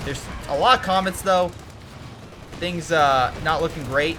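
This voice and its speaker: A man giving casual commentary on a strategy game replay, excitable and ranting, swearing and swinging from mutters to yells. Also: on the high side, unhurried, over music.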